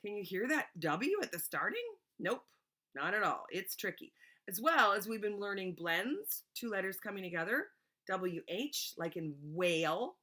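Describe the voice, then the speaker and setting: A woman teacher giving a remote reading lesson to young children, patiently sounding words out slowly letter by letter. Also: medium pitch, very animated, bright, forceful tone.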